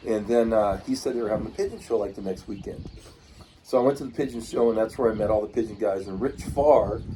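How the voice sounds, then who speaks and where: A man's voice: on the low side, quick pace, warm tone, a little hiss or hum. A middle-aged man from Washington state telling rambling, folksy stories about his start with pigeons in a casual outdoor interview. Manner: rambling, folksy, acts out quoted voices.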